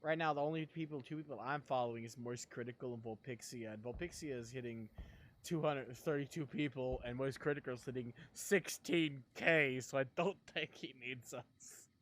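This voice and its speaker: A young man chatting casually on a live stream, rambling and excitable, laughing often and sounding sleepy. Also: mid-range voice, normal speed, a little hiss or hum.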